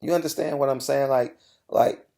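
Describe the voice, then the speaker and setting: A man's voice: mid-range voice, steady tone, normal speed, vocal fry, dark tone. A man hosting his own channel, telling a story straight to the camera in an emphatic, confrontational way, repeating his points and addressing his viewers directly. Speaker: boxing journalist and channel host.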